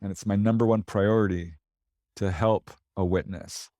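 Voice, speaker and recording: A man, a paranormal investigator, telling anecdotes in a casual interview in an animated way. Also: lowish voice, normal speed, no room sound, clean studio sound. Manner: animated, anecdotal, laughs between lines.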